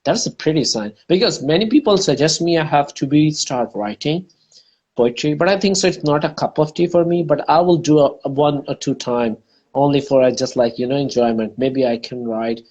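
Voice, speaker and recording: A man's voice: fairly high pitch, moderate pace, rough recording. A man from Pakistan with a Pakistani English accent, hosting a casual conversation over a video call, chatty and often searching for words. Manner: warm, chatty, searching for words, many fillers. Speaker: host.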